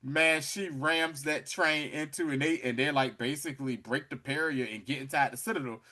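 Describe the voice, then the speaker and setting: A man hosting a podcast, recapping an episode in an animated, slangy way, often breaking into laughter. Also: fairly high pitch, normal speed. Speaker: podcast host.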